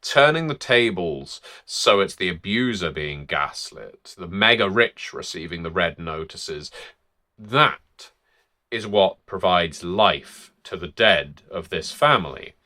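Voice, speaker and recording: A man hosting tabletop game lore videos in a measured, wry, theatrical gentleman's narration. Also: low-pitched, expressive.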